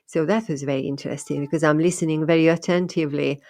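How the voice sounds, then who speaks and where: A woman's voice: deep voice, fairly even intonation, quick pace, a little mellow, no echo. A woman talking thoughtfully about her experiences as a medium, often repeating and restarting words. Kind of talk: casual monologue.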